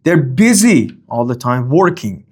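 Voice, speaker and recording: A man teaching a grammar lesson, speaking, often pausing on okay and uh and reading example sentences with a lifted tone. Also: mid-range voice, very animated, over loud music. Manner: explains slowly with many fillers and okays. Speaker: language teacher.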